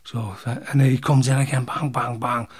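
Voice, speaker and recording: A man's voice: mid-range voice, flat delivery, moderate pace, breathy edge. A man, telling a story as an interview guest in blunt, casual talk, swearing freely and acting out the punches. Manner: blunt, swears freely, acts out fight scenes.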